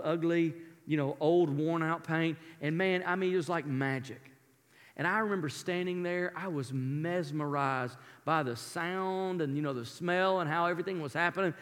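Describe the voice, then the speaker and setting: High-voiced pastor in a reverberant hall. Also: male voice. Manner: animated storyteller, folksy asides. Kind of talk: sermon with personal storytelling. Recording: long reverb of a large hall.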